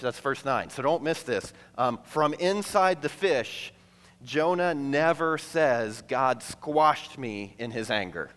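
A man preaching a sermon to a congregation, conversational and playful, acting out quick asides between the teaching. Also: medium pitch, animated, fairly bright tone. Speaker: pastor. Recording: long hall reverb.

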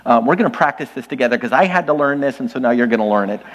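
A man's voice: mid-range voice, animated, very fast. Man preaching in a reverberant church. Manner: conversational, lightly humorous, addresses the congregation directly. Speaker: pastor. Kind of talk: sermon. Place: church sanctuary.

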